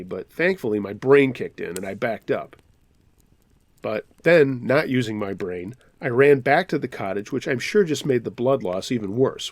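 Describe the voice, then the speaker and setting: Male horror-story narrator, mid pitch, dry close-mic read, deliberate pacing. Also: a little mellow, dry recording. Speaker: narrator reading listener stories.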